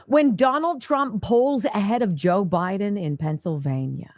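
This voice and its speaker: Sarcastic slow-talking woman radio host. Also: mid-range voice, dry recording, clean studio sound. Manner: sarcastic, emphatic, animated. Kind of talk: talk radio commentary.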